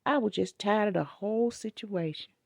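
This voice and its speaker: A woman's voice: medium pitch, normal speed, creaky, dry recording, clean studio sound. An older woman, telling a story to her viewers in an emphatic, scolding way. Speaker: vlogger.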